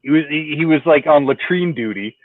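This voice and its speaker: A man's voice: a little high, a little fast, dry recording. Man on a tinny online call. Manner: profane, animated storytelling. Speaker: podcast co-host. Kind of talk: casual chat. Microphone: remote call. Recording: tinny phone-like call audio.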